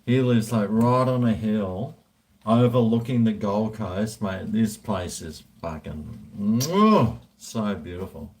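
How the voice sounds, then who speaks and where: Laid-back guy, low voice, unhurried drinking-session ramble. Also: steady tone, warm tone. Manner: rambling, swears freely. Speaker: vlogger. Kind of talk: casual chat while drinking.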